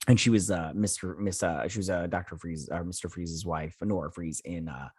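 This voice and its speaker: A man's voice: sits low, steady tone, normal speed, a little mellow, slightly rough, no echo, studio quality. A man hosting a casual TV episode recap and review, rambling with lots of fillers and sounding exasperated. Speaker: TV review host.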